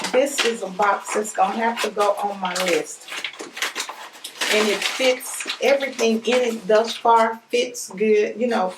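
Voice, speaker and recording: A woman chatting casually through an unboxing, gushing and excitable as she talks straight to her viewers. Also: medium pitch, noisy background. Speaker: unboxing vlogger. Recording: roomy echo, mic at a distance.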